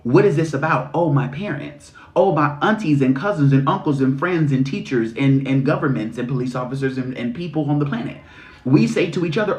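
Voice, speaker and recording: Guy ranting on a live stream, swears a lot, fires off questions, slightly high voice, echoey room. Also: fairly quick. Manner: blunt, heavy swearing, preachy rhetorical questions; animated, swings into mocking high-pitched voices. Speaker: spiritual reader and live-stream host. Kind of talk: profane motivational live-stream rant. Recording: roomy echo.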